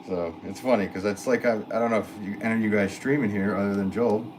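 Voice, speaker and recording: Streaming live from his pottery studio, a man reads viewer comments aloud in a lowish, brisk voice. His talk is easygoing and meandering, full of fillers and laughter, with a steady room noise underneath.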